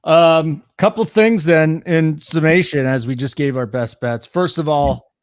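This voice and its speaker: A man in his forties co-hosting a sports betting show, trading crude deadpan jokes in casual chat. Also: on the high side, a little slow, no room sound, clean studio sound. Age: 40s.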